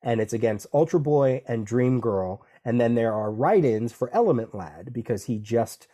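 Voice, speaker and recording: A man's voice: medium pitch, normal speed. A man co-hosting a comics podcast, talking casually and acting out lines of dialogue as he recaps issues. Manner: animated, quotes dialogue in character, many restarts. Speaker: podcast co-host.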